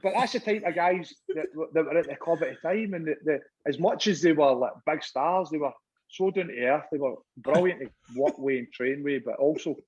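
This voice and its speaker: Laughing Scottish ex-footballer spinning yarns. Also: male voice, fairly high pitch, brisk, slightly rough, highs cut off. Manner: laughing, swearing, animated anecdote-teller. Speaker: guest, former footballer. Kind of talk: casual storytelling chat.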